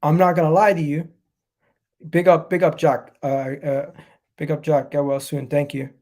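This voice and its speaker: Gravelly, nasal man hyping his football club. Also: a little high, little pitch movement, normal speed, a little mellow. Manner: repetitive, emphatic, hyped. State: nasal from a cold. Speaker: football fan channel host. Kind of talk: live match reaction stream.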